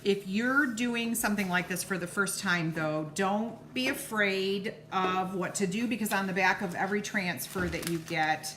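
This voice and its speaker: A woman teaching a live craft tutorial, unscripted and halting, thinking aloud as she sets up and demonstrates. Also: medium pitch. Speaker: craft instructor. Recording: noisy live stream with clicking.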